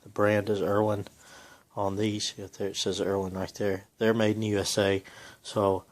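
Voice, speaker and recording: A man's voice: on the low side, flat delivery, unhurried. A man, rambling in a folksy way with lots of ums while he films a repair in his home garage. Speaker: home mechanic filming a repair. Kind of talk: casual how-to vlog.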